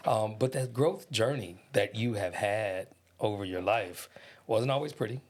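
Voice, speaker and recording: Brief: Detroit man, podcast host, lowish voice, playful and affirming in casual interview chat. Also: a little slow. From Detroit, Michigan. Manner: warmly teasing, affirming.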